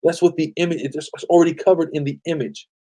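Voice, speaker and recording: Higher-voiced guy preaching on a stream, keeps saying right? and go ahead. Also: fairly even intonation, fast talker, mellow. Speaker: host leading a scripture study. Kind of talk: live-stream bible teaching.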